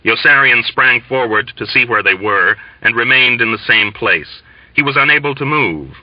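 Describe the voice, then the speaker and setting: A man reading a novel aloud in a measured, plain narrating voice. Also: mid-range voice, animated, no echo. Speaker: audiobook reader. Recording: dull lo-fi, dry.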